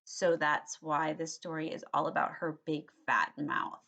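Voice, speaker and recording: A woman teacher giving a read-aloud vocabulary lesson to young children, animated and patient, checking in with little questioning tags. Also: low voice, measured pace, vocal fry.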